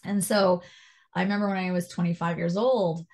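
A Canadian woman in her thirties, a guest telling her life story in an interview, animated and quoting people with lively jumps in her voice. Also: lowish voice, a little fast, a little hiss or hum.

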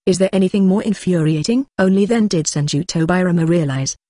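A text-to-speech voice narrating an audiobook in a flat, even read that speaks punctuation marks aloud. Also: medium pitch, brisk, dry recording, clean studio sound.

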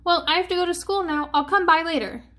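A woman's voice: extremely high pitch, fast, voice pushed up. A woman voicing a cheerful young girl, an eager and caring niece, in a storybook read-aloud. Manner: bright and eager, calling out.

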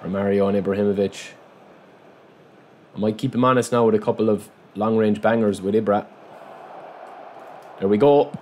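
A man's voice: lowish voice, moderate pace, pauses often, a little hiss or hum. A man commentating casually on his own football video game match, chatting to viewers and yelping at big moments. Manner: excitable, yelps and shouts at goals, chatty asides to viewers. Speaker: gameplay commentator. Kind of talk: casual let's-play commentary.

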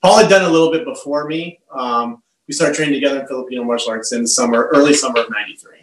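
A man, a martial arts instructor, recalling dates in a quick, matter-of-fact way. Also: medium pitch, a little hiss or hum. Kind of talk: casual interview. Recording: distant from the mic, roomy echo.

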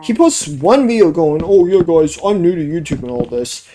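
A man's voice: on the high side, animated, moderate pace, mellow, slight background noise, low-quality recording. A man giving casual gameplay commentary on a cheap home microphone, rambling and swearing when things annoy him. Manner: rambling, profane, easily exasperated. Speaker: let's play gamer. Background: background music.

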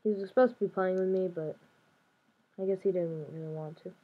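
A woman's voice: fairly low pitch, fairly even intonation, a little fast, narrow, tinny audio. A young woman casually commenting on her own video game play, chatty and playful, talking to herself as she goes. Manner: chatty, playful, talks to herself while playing. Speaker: gaming YouTuber. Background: keyboard and mouse clicks.

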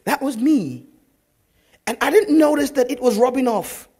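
A man preaching a sermon as pastor, telling stories in a lively way that swings from loud to hushed. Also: extremely high pitch, normal speed, breathy edge.

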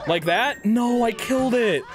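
A young man streaming a video game live, chattering crudely, reading chat aloud and bursting into loud shouts. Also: extremely high pitch, lively intonation, measured pace, faint music behind. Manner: reads chat aloud and jokes with viewers.

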